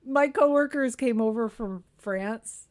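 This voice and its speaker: Animated woman podcast co-host. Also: fairly high pitch, a little slow. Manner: animated, enthusiastic storyteller. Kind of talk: casual chat about a film.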